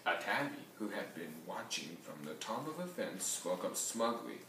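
A man reading a picture book aloud in a lively storybook manner, adding sound effects. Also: deep voice, normal speed, background noise. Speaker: reader. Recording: echoey room, mic far off.

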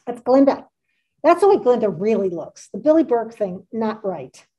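A woman gives a relaxed art history lecture in a mellow, fairly high voice. She talks in a chatty way, with wry asides and frequent ums. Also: moderate pace, recorded from a distance, rough recording. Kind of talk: casual presentation and read-aloud.

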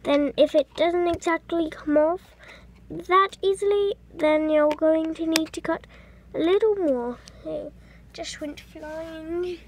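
A female voice pitched high and easy-going, walking through a homemade craft step by step at a slow, unhurried pace. She chats casually and keeps slipping into soft whispered asides. A faint hiss sits under the recording. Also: fairly even intonation. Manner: chatty, drops into whispered asides. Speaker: craft tutorial creator. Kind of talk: casual DIY tutorial chat.

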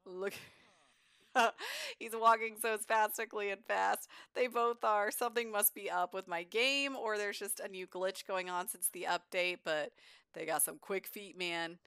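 A woman's voice: medium pitch, bright, forceful tone, clear, resonant tone, no room sound. A woman giving chatty, giggly gameplay commentary as a gaming YouTuber.

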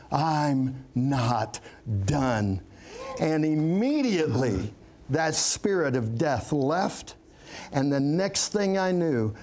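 A man's voice: on the high side, a little mellow, slight background noise. A middle-aged man, a pastor, telling his testimony in an interview, earnest and storytelling, laughing now and then. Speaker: pastor, guest.

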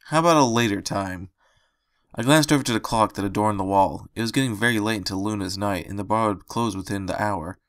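A man reads a fan story aloud in steady first-person narration. His voice sits low and comes through smooth and clear. The recording is dry and close, with no room sound. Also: fast talker, few pauses, no echo. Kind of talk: reading fan fiction aloud.

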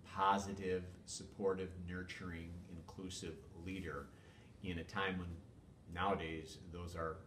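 Older man, very low voice, measured, wordy, filler-heavy interview talk, echoey room. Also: flat delivery, fairly bright tone. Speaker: former police chief, guest. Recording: echoey room with faint rumble.

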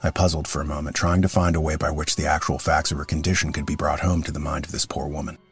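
A man narrating a classic story as an audiobook, in a measured, earnest reading. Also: rumbling low, little pitch movement, soft background music.

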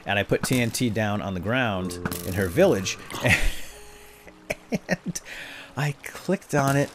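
A man's voice: on the low side, lively intonation, slow, very noisy. A man in his thirties chatting casually while he plays a video game, telling family stories with jokey asides. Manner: chatty storyteller, jokey asides, playful pretend salesman banter. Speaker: gaming video host.

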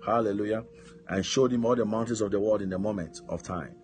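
A male pastor delivers a fervent sermon in a low voice, dropping amen and hallelujah between points. Faint music plays beneath him. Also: fast talker, darkish tone.

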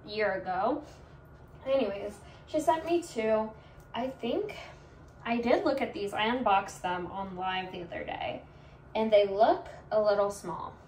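A woman's voice: medium pitch, measured pace, darkish tone, slight background noise. A young woman hosting a casual try-on vlog, talking in a bubbly, playful Valley Girl way. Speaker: vlogger. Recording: echoey room, mic at a distance.

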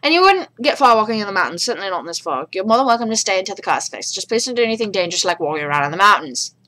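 A woman's voice: medium pitch, big pitch swings, rapid-fire, sharp tone. A woman reading aloud the lines of an elderly man in a horror game, in a plain voice close to her own. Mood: polite. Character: elderly male house owner in a horror game.

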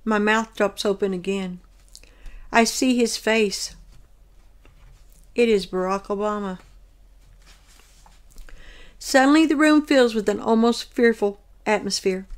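A woman narrating her own religious dream as a testimony, reading in an earnest, measured way. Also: mid-range voice.

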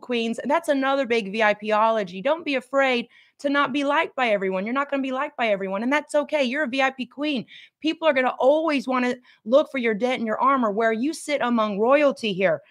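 A middle-aged woman coaches her group live in a rousing motivational talk. Her voice sits a little high, and she hammers home her points, repeating key lines for effect. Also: brisk. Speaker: fitness and life coach.

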